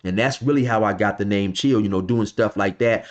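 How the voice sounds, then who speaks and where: A man's voice: lowish voice, a little fast. A man casually telling a story from his past in loose slang, filling it with "you know" and "man.". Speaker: vlogger telling a street story.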